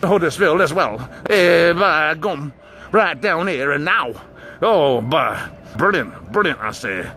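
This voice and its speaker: A man's voice: fairly high pitch, lively intonation, slow pace, bright, forceful tone, pitched below the performer's own voice, exaggerated voice. A man putting on a put-on to play a hearty, cheerful northern English man with broad, drawling exclamations. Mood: jovial.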